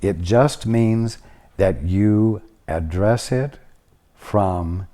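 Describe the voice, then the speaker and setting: Man for a spiritual study-group talk: low, dark voice, deliberate and unhurried delivery with long pauses.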